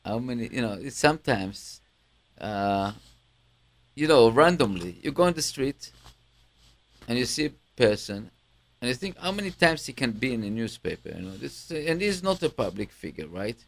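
Man, lively pitch, halting repeats, casual talk. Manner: halting, repeats words, grows animated telling stories. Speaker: host. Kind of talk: casual chat.

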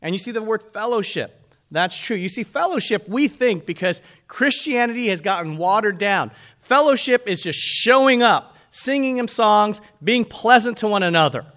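A man preaches a sermon in a fairly high voice. He talks to his listeners in a conversational way and keeps asking them rhetorical questions. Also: expressive, moderate pace, sharp tone. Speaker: pastor.

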